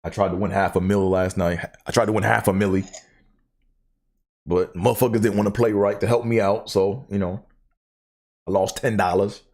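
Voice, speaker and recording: A man's voice: on the low side, fairly even intonation, normal speed, long pauses, a little mellow. A man hosting his own show, telling stories in a casual, profane, joking monologue. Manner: profane, laughing storyteller. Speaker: host.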